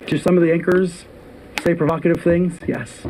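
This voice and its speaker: A man speaks as a news anchor in a measured, rhetorical on-air monologue. His pitch sits a little high for a man, and his delivery is earnest. A faint ambient noise runs underneath. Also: flat delivery, darkish tone, poor audio.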